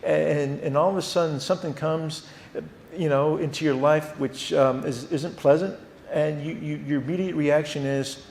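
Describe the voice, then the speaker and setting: A man teaching a theology class at a church. He talks in an animated way and often repeats words. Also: a little high, moderate pace, gravelly, reverberant, slight background noise. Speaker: Bible teacher.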